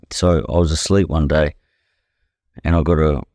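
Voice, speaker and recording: Very deep-voiced, blunt Australian man. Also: fairly even intonation, a little slow, mellow, no echo, clean studio sound. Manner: blunt and profane, leans heavily on "you know". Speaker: podcast guest, professional boxer. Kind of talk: candid conversational storytelling.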